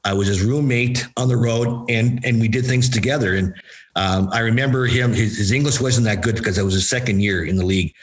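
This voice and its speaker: An older man, a former hockey player and coach, answering interview questions with lively anecdotes and acted-out quotes. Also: mid-range voice, fairly quick, low-quality recording. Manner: animated, acts out quoted dialogue, repeats himself for emphasis.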